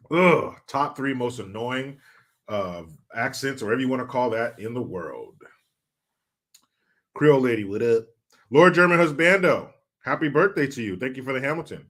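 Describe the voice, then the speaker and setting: Hosting a casual livestream, a middle-aged man reads out viewer comments with loose, joking humor and the occasional swear word. His mid-range voice is animated and fairly bright, at a moderate pace.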